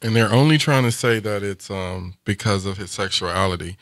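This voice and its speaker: A man co-hosting a live stream who keeps chiming in to back up the host. His voice is bright and forceful, and the sound is dry and close. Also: lowish voice, normal speed, no room sound. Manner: backs up the host with short agreeing interjections. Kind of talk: casual chat.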